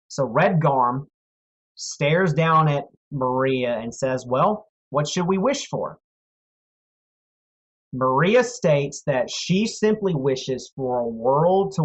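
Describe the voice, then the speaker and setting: A man narrating as game master of a tabletop game, telling the story in a slow, measured way. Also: medium pitch. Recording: dull lo-fi audio, faint music.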